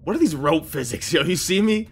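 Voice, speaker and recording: Excitable young man reacting to gameplay. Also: on the high side, brisk, slightly rough. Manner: excitable, loud outbursts and repeated phrases, slangy. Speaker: gaming YouTuber. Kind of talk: casual let's play commentary. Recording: game music playing behind voice. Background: game music.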